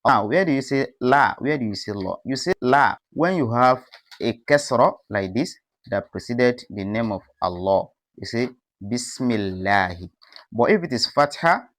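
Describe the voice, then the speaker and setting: A man teaching pronunciation, calmly explaining and posing rhetorical questions as he contrasts correct and incorrect forms. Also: mid-range voice, normal speed, no echo. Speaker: Quran recitation teacher. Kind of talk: explanatory lesson with recited examples.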